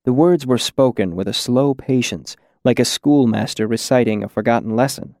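A man narrating a fantasy story in a measured, deliberate reading. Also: mid-range voice, warm tone, no room sound, studio quality. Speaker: audiobook narrator.

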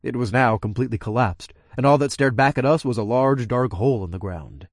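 A man's voice: medium pitch, fairly quick, no echo. A man narrating a first-person audiobook in a casual, wry way, recorded close and dry.

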